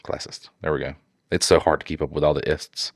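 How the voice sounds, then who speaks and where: A man with a stuffed-up nose talks in a deep, low register, sarcastic and joking as he reads out listener mail. The sound is close and dry, with no room around it. It comes across as loose podcast banter. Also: steady tone, brisk, dry recording. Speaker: podcast co-host.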